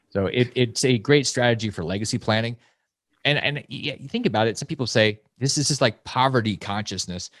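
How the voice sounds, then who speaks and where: Fast-talking blunt man in his forties. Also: medium pitch, animated, no echo. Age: 40s. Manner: emphatic, swings into loud mocking quotes. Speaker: podcast guest. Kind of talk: fast, blunt podcast talk.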